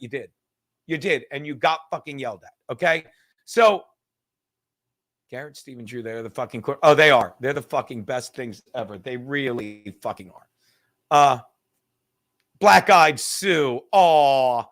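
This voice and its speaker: A man's voice: mid-range voice, measured pace, pauses often, a bit bright. A young man hosting a casual podcast, rambling and swearing constantly while fiddling with his laptop and a cigar. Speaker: show host. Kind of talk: casual profane podcast rant.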